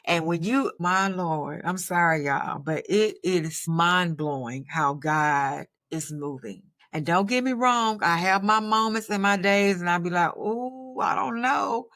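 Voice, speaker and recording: A woman's voice: low voice, fairly bright tone, no room sound. Emphatic woman giving a faith talk. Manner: preachy, emphatic, repeats "y'all" and "right?". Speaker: faith vlogger and filmmaker. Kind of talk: casual faith talk to viewers.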